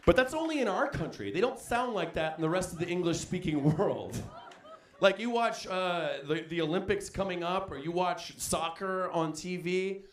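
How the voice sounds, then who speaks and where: A man performing a stand-up comedy set on a club stage, animated and quick to slip into exaggerated voices, with audience laughter behind him. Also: high voice. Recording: roomy club sound.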